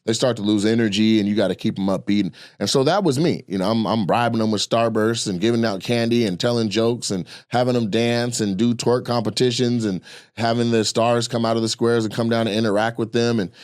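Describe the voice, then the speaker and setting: A man talking in a casual podcast chat, animated and loose, swearing freely. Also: mid-range voice, fairly quick, no room sound, studio quality. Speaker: comedian and podcast guest.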